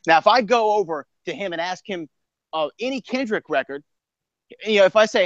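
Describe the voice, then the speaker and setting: Male radio host, forceful debater, slightly high voice, dry muffled studio sound. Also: animated, fairly quick, dry recording. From Texas. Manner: emphatic, opinionated, storytelling. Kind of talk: casual sports and pop-culture debate.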